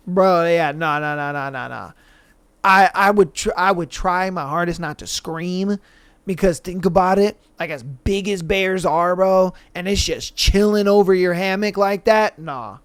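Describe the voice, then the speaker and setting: Laid-back, slow-talking male podcast host. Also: sits high, a bit bright, clear, resonant tone, no echo. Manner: laid-back slang-heavy delivery. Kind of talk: casual chat reading listener stories.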